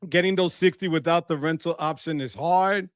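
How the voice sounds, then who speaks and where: A man's voice: fairly high pitch, normal speed, clean tone, dry recording, studio quality. A man hosting a casual livestream, reading the chat, greeting viewers by name and laughing often. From Bronx, New York. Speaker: livestream host.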